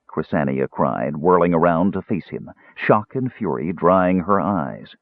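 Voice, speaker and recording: A deep-voiced man narrates a fantasy novel, his delivery lively and expressive. The voice is husky, and the audio is thin and phone-like. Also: unhurried, hardly any pauses, dry recording. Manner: expressive, dramatic reading.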